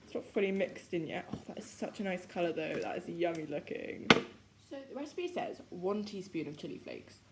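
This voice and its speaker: A giggly young British woman talks her way through a home cooking vlog, her pitch bouncing all over the place as she rambles. Clear background noise sits under the home recording. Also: expressive, brisk. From Britain. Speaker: vlogger. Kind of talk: casual cooking vlog chat. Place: home kitchen.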